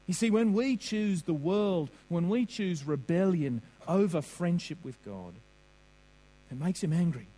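A man's voice: high-pitched, lively intonation, unhurried, warm tone, rough recording. A man preaching a sermon, earnest and questioning, drawing on vivid everyday examples.

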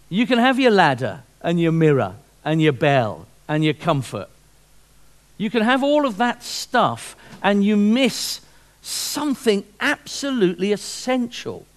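A man preaching with a high, lively voice that swoops up and down as he tells a story. He slips into voices for the people in his tale, then presses his point with urgency. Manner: storytelling, animated, puts on voices for shop owner. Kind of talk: sermon with a told joke.

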